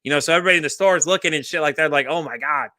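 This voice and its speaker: A man hosting a casual podcast who talks fast and tells his stories with animated energy. His voice is bright and forceful, and he swears freely. The sound is dry and close. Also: on the high side, no room sound. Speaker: podcast host.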